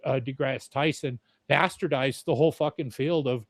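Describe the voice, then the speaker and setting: A man's voice: medium pitch, fairly even intonation, normal speed, few pauses, dry recording. A man hosting a podcast, ranting in a blunt, profane, rambling way. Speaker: podcast host. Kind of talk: casual rant.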